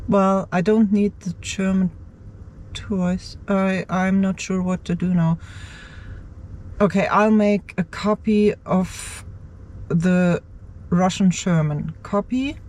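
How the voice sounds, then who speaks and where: A woman's voice: mid-range voice, fairly even intonation, slow pace, a little mellow. A woman vlogger in her car's driver's seat, thinking aloud as she works. She mutters to herself, hesitates and repeats words. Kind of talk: thinking aloud while working on a computer.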